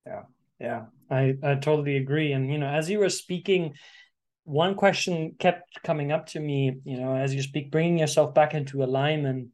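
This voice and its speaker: Male interview host, animated and expressive, fairly high pitch, casual conversation. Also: normal speed. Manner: expressive, animated, acts out inner voices. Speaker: podcast host.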